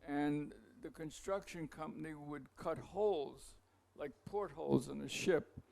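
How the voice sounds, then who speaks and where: A man giving a masterclass, telling a long anecdote in a rambling, halting way, with asides to the audience. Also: a little high, creaky, darkish tone. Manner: halting, many restarts and fillers. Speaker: masterclass speaker.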